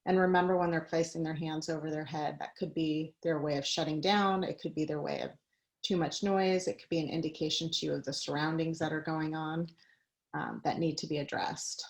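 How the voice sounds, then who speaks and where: A woman's voice: sits low, steady tone, fairly quick, low-quality recording. A woman giving a conversational talk on a video call, mixing personal stories with practical advice and light laughs. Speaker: guest speaker.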